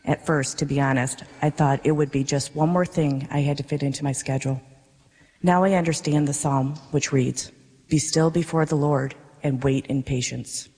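A woman's voice: low-pitched, warm tone, slightly rough. Woman reading a testimony in a church. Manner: earnest, measured reading of a prepared talk. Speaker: parishioner giving a testimony. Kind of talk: read personal testimony. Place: darkened church worship space. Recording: reverberant worship space.

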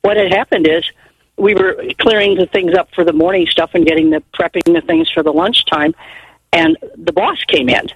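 A woman's voice: on the low side, steady tone, normal speed, husky, no room sound, muffled recording. An older woman phoning in to a radio show, telling a long rambling story in a chatty way. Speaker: caller. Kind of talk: call-in radio chat.

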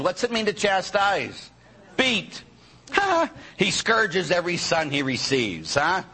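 A man, a priest, preaching a sermon in an animated way, full of rhetorical questions and quick asides. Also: on the high side, gravelly, husky, poor audio. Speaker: Catholic priest.

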